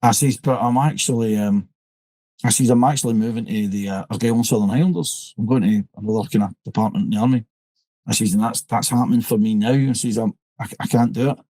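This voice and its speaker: A man's voice: on the low side, quick pace, dark tone, no room sound, poor audio. A middle-aged man with a Scottish accent, a drummer telling a rambling story in an interview, restarting and repeating "I says" as he goes. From Scotland. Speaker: interview guest, military pipe band drummer. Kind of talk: conversational storytelling.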